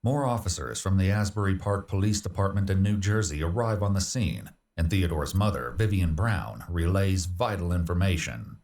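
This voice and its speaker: Grave, deep true-crime narrator. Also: male voice, animated, darkish tone, distant mic. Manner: grave, measured. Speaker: documentary narrator.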